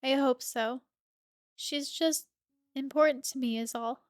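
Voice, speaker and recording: A woman's voice: high-pitched, steady tone, slow, no room sound, studio quality. A woman voicing a worried young woman, the heroine of a romance game, speaking earnestly and tenderly. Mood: sad.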